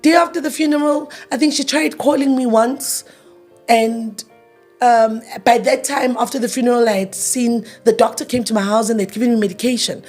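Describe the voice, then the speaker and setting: A woman in her thirties speaks in a high, husky voice as she recounts her grief in an interview. She is emotional and repeats herself, acting out past arguments as quoted dialogue. Soft music plays faintly behind her. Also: normal speed. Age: 30s. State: grieving. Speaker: interview guest. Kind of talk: personal storytelling interview.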